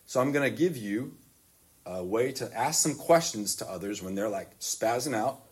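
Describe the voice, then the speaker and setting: A man, a priest speaking to a group of boys at his school, in an easygoing, rambling way full of "like" and quick laughs. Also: medium pitch, lively intonation, recorded from a distance. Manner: chatty, full of "like" fillers, laughs often. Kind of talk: informal talk to a youth group. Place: boys' school in the US South.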